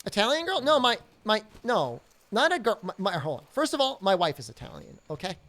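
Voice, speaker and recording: Lively joking woman game streamer. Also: medium pitch, fairly quick. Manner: jokey, answers chat aloud, lively. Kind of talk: casual live-stream chat while gaming.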